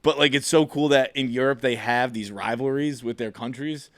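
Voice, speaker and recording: A man's voice: mid-range voice, normal speed, no echo. A man telling a story in casual podcast chat, rambling, restarting his sentences and laughing often.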